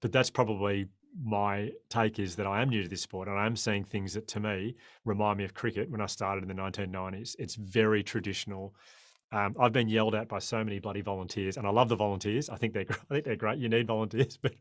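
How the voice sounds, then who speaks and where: An Australian man in his forties, a guest on a podcast interview, talking in an impassioned, animated way. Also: fairly low pitch, fast talker, no echo, clean studio sound. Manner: impassioned, animated storyteller who acts out quoted voices.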